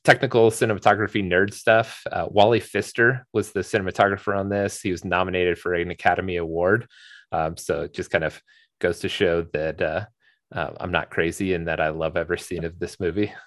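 Deep-voiced rambling podcast host. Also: male voice, steady tone, fairly quick, a bit bright, no room sound, clean studio sound. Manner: rambling, many fillers and restarts. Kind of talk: casual chat.

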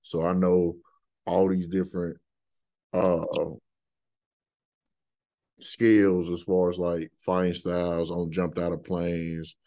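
A man with a very low voice hosts a relaxed podcast chat. He rambles through stories with plenty of fillers and acted-out quotes. He sounds like a man in his thirties. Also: takes it slowly, long pauses. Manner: laid-back, rambling storyteller with many fillers. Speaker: podcast host. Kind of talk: casual interview chat.

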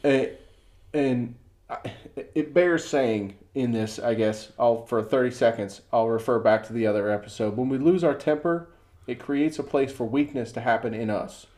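A man's voice: medium pitch, moderate pace. Storytelling man on a casual podcast. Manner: storytelling with lively acted-out quotes. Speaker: podcast co-host.

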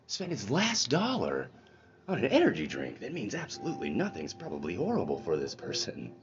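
A man's voice: on the low side, huge pitch swings, fairly quick, soft background music. A man telling a story in a casual monologue, keeping it conversational and checking in with listeners as he goes. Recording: dull lo-fi with faint noise.

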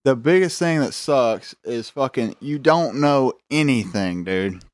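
A man's voice: medium pitch, expressive, measured pace, dry recording. A man telling a rambling, profane story on a casual podcast, acting out the voices of people in it. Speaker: podcast host.

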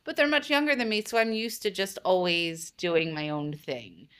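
A woman's voice: mid-range voice, normal speed, fairly bright tone, clear, resonant tone. A young woman guest on a podcast, talking in a chatty, reflective way with many "like" fillers. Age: young adult. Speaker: podcast guest, boudoir photographer. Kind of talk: casual conversational interview.

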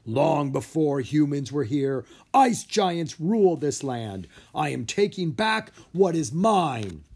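A man voicing a huge, angry male ice giant who speaks in a slow, booming, commanding way. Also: very animated, darkish tone, slightly rough, exaggerated voice. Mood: menacing.

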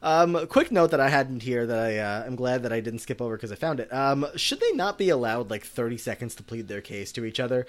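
Guy rambling thru a podcast recap, lots of likes and uhs, middle pitch. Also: lively intonation, fast talker, few pauses. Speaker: podcast co-host. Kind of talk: casual recap chat.

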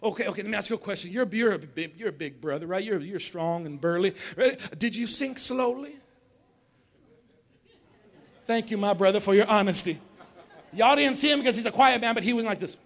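Talking fast in a high, fairly bright voice, a male pastor preaches at a church service. He peppers the congregation with questions and repeats phrases in a lively call-and-response sermon.

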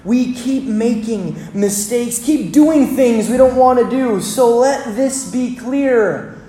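A pastor preaching a sermon in a church, with dramatic pauses and emphatic repetition, recorded with a roomy church echo. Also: mid-range voice, noisy background.

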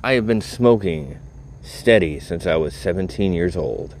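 A man's voice: deep voice, lively intonation, a little slow, a little mellow, a little hiss or hum. A man casually telling a story to the camera in a profane, joking way, chuckling often.

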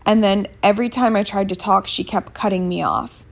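A woman's voice: medium pitch, fairly quick, gravelly. A woman in her thirties telling a story in a casual vlog, speaking candidly and bluntly and swearing freely, sitting up on a bed at home. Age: 30s.

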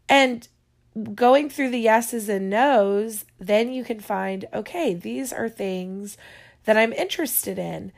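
Woman, unhurried, casual and digressive advice-giving vlogger. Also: fairly high pitch. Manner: chatty, digressive, yawning often.

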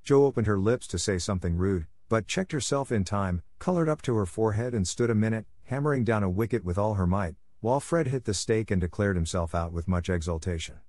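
A man narrating a classic novel audiobook in a steady, measured reading on a close mic. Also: on the low side, dry recording.

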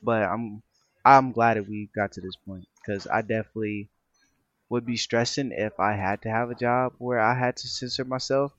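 A young man who is a podcast guest, telling stories in a relaxed, slangy way. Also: fairly low pitch, normal speed, dry recording, lo-fi sound. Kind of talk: casual podcast discussion.

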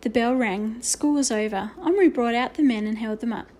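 Higher-voiced woman reading a storybook aloud. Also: normal speed, a little mellow. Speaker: narrator.

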